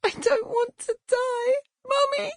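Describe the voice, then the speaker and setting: A woman's voice: very high voice, unhurried, fairly bright tone, no echo, clean studio sound, voice pushed up. A woman voicing a frightened little girl who pleads tearfully with her mother. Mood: terrified pleading.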